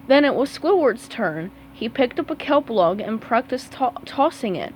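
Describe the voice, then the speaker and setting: A woman reading a children's storybook aloud in an expressive way. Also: fairly high pitch, a little hiss or hum, low-quality recording. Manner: slow, expressive read-aloud. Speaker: storybook reader.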